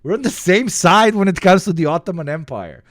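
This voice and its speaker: A man's voice: sits high, animated, a little fast, no room sound, studio quality. Profane, sarcastic Balkan streamer man. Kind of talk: livestream reaction commentary.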